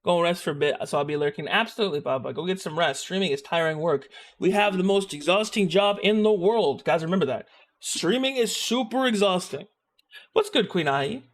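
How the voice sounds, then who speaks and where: A young man streams live, reacting to a video while joking around and chatting with viewers. He talks fairly quickly in a high voice, animated and jokey, addressing chat directly.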